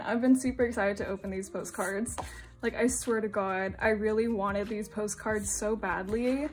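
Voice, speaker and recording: A young woman from Singapore chatting excitedly at home while unboxing, gushing and laughing often. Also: medium pitch, normal speed, soft background music. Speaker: unboxing vlogger. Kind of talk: excited casual unboxing chat.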